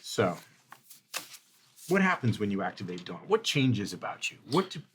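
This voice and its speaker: Low-voiced man running a tabletop game. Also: very animated, noisy background. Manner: measured, asks players questions. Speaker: storyteller. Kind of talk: narrating a tabletop role-playing game.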